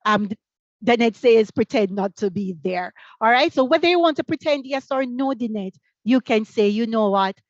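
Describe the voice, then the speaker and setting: Lively Jamaican woman leading teacher training. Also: fairly high pitch, normal speed, dry recording, highs cut off. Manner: energetic, asks many rhetorical questions. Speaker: workshop facilitator.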